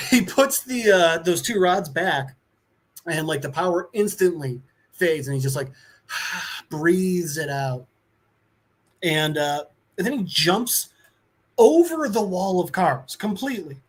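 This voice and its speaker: A man co-hosting a casual podcast, recapping a comic issue at length. He acts out the characters' lines with lively jumps in pitch, then drops back to easy chat. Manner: animated storyteller acting out character lines.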